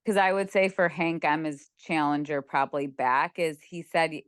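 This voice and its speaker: Young woman on a video call, low smooth tone, dry sound, chatty filler-heavy talk. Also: normal speed, no room sound. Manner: chatty, many "like" fillers, laughs easily. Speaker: group member sharing. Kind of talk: casual chat on a video call. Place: lying on a bed at home.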